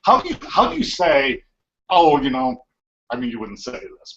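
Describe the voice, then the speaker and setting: Animated man moderating a call. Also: mid-range voice, a little fast. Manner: animated, joking, asks the group questions. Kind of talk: casual group discussion. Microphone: video call. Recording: dull lo-fi video call audio.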